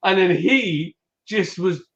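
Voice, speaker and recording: Animated man telling stories. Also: slow, gravelly, a little hiss or hum. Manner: animated, acts out quotes in a higher voice. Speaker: podcast host. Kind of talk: casual chat, storytelling. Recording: dull lo-fi audio.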